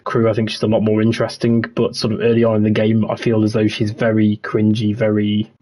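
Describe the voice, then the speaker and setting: A man's voice: on the low side, completely flat delivery, brisk, dark tone. A young man, chatting casually and rambling on a livestream while he plays a game, laughing often and restarting his sentences. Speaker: streamer.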